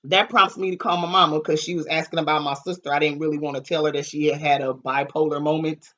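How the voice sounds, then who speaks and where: A woman vlogger telling a story in a casual, animated, profane way, laughing often and acting out what people said. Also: low-pitched, fast talker, muffled recording.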